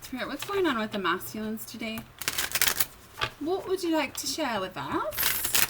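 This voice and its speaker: A woman doing a playful, exaggerated mock-posh British voice in a high, put-on tone. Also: sing-song, fast, very noisy. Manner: playful, theatrical.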